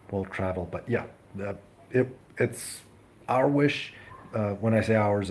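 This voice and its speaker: Serbian guy hosting a live chat, lowish voice, lots of ums, friendly and unhurried. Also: darkish tone, a little hiss or hum. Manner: hesitant, many ums and restarts, friendly. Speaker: live stream host. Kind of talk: casual live chat, reading comments.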